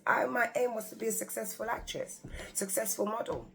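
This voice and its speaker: A woman telling a story to her viewers in a casual, animated, exclamatory way. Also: sits low, a little fast, gravelly. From England. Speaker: vlogger.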